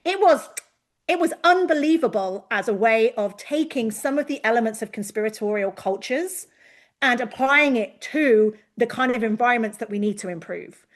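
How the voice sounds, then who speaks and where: On a video call, an invited expert woman presents to a learning session at a normal speed. She is lively and likes to act out quoted voices, jumping sharply in pitch.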